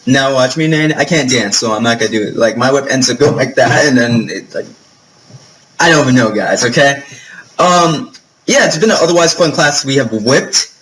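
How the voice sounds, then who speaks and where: A man's voice: medium pitch, animated, moderate pace, a bit bright, rough recording. A young man from New York talking straight to camera, telling rambling, profane stories full of fillers. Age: young adult. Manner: chatty, profane storytelling with lots of fillers. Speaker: vlogger. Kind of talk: casual vlog monologue.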